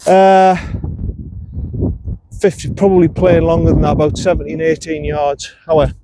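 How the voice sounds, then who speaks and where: A man's voice: a little high, fairly even intonation, normal speed, noisy background. A man, chatting casually to the camera as he plays a round of golf outdoors and coaches himself between shots. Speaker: golf vlogger. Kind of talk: casual on-course commentary.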